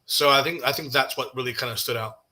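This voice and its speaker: A man's voice: mid-range voice, fast, background noise. A man co-hosting a casual chat, joking and encouraging, often stumbling over his words.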